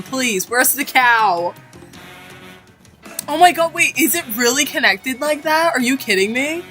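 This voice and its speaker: A woman reacting to a game trailer in casual, slangy commentary, excitable and quick to laugh and shout out. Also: fairly high pitch.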